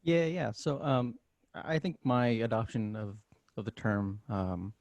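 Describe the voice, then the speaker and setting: A man from the United States on a podcast panel, speaking in a thoughtful, measured way with a few fillers. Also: mid-range voice, fairly even intonation, a little mellow, dry recording, highs cut off. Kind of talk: casual panel discussion.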